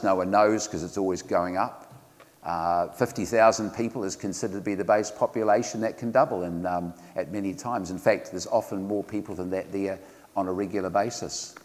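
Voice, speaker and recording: A pastor preaches a sermon in a low, steady voice. He talks earnestly and conversationally, with plenty of "um"s and restarts. His words ring out with a long church-hall reverb.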